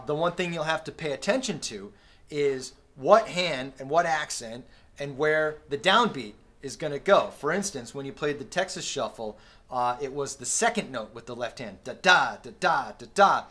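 A man teaching drums in a relaxed, friendly way, explaining patterns with small fillers and sung drum sounds, recorded on a camera mic in a practice room with a drum kit. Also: medium pitch, normal speed. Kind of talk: casual instructional talk. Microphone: camera-mounted recorder.

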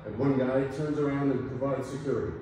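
A man who is an instructor, explaining a technique in a calm, measured way during a demonstration lesson. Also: mid-range voice, a little hiss or hum. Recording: echoey room, mic at a distance.

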